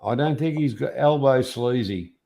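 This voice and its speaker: A gravelly-voiced Australian man trades crude, blunt banter on a casual livestream. His talk is laid-back and full of swearing. The pitch sits in an ordinary middle range. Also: normal speed, warm tone.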